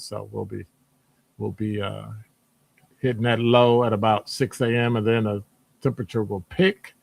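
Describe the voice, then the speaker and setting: With no room sound in the recording, this mid-range male voice belongs to a middle-aged live stream host. He keeps things casual, calling out chat viewers by name with lively upward inflections.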